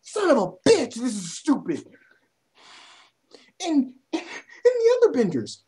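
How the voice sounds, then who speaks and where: A young woman ranting about a film, exasperated and swearing constantly, her voice climbing to near shouts. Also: sits high, huge pitch swings, takes it slowly, long pauses. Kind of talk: profane rant.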